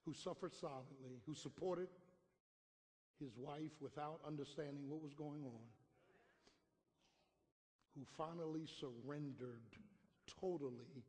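A middle-aged pastor preaching a storytelling sermon with call-and-response. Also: male voice, fairly high pitch, a little slow, pauses often, a little mellow. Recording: long hall reverb, faint room noise.

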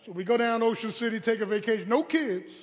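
A man preaching a humorous, animated storytelling sermon at a live service, calling out to the congregation. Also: high voice, fast talker, in a large hall. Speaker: pastor. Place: church sanctuary, live service.

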